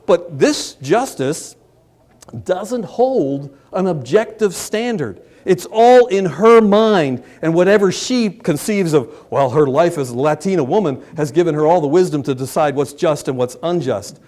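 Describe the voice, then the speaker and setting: A man preaching a political sermon as a pastor, impassioned, swinging between loud emphatic peaks and low muttered asides. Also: lively intonation, normal speed. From Maryland, USA.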